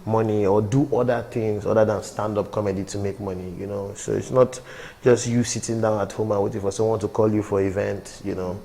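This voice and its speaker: A man's voice: on the low side, little pitch movement, a little fast, vocal fry, hardly any pauses, mellow, a little hiss or hum. A man from Nigeria with a Nigerian accent, a comedian chatting easily as a guest and laughing between stories. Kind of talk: casual interview chat. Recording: echoey studio room.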